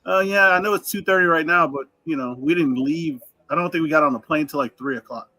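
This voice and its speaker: A man's voice: on the high side, quick pace, sharp tone, dry recording, poor audio. A man co-hosting a live stream, telling a story in an easygoing way and laughing often.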